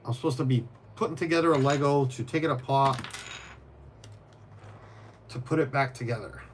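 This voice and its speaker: A man's voice: medium pitch, moderate pace, slight background noise. A man on a casual live stream, rambling with many restarts, answering viewers by name and muttering to himself as he builds. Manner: mutters to himself while fiddling with pieces. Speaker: livestreamer.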